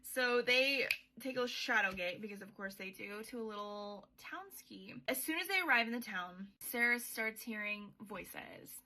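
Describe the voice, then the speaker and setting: A woman's voice: mid-range voice, animated, a little slow, hardly any pauses, pushed and bright. A young woman hosting a podcast, recapping a book in a chatty, sweary way with sarcastic asides. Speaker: podcast host.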